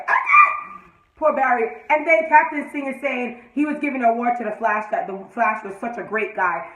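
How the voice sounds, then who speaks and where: A woman giving an excited, profane fan review of a TV episode, acting out the scenes and laughing often. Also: a little high, fairly quick. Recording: echoey room.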